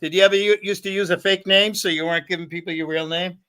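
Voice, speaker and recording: A man's voice: high-pitched, fairly even intonation, fast talker, bright, forceful tone, clear, resonant tone, low-quality recording. A man hosting a livestream, chatting casually in a rambling, profane way. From New England. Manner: rambling, profane, swears freely. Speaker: livestream host. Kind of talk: casual chat.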